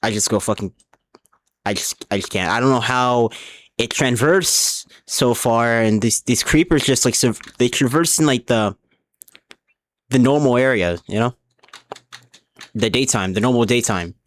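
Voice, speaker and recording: A man's voice: medium pitch, measured pace, long pauses. A man streaming a game live, rambling along as he plays, often restarting his sentences and swearing, and a little drunk. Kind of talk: casual live gaming commentary.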